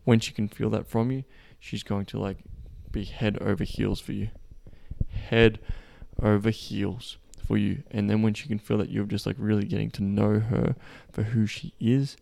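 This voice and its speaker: A podcast host who coaches men on dating speaks in a lowish, gravelly, warm voice with a flat delivery at a moderate pace, recorded with no room sound. His casual monologue is blunt and full of swearing, and he keeps restarting his sentences as he grows more emphatic.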